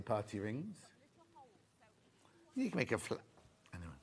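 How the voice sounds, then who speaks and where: Lively chatty man presenting live. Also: a little high, vocal fry. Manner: chatty, reads viewer comments aloud. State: out of breath. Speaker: shopping channel presenter. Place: TV studio.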